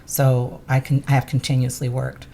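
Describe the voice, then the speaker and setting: A woman's voice: very deep voice, completely flat delivery, normal speed, vocal fry, warm tone, a little hiss or hum. A woman, a longtime teacher, chatting as a podcast guest and animatedly telling stories, acting out the voices of people she quotes. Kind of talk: casual interview chat.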